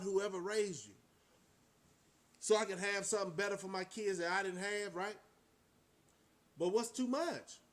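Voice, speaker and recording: High-pitched preachy male vlogger. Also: fairly bright tone. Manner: preachy, rhetorical questions, motivational. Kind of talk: casual monologue to camera.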